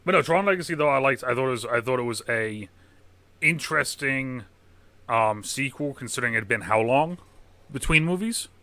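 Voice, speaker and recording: A man with a bright, forward voice rambles through casual movie talk, dropping swear words as he goes. He is recorded close and dry, with no room sound around him. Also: medium pitch, lively intonation, fairly quick, dry recording. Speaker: podcast host.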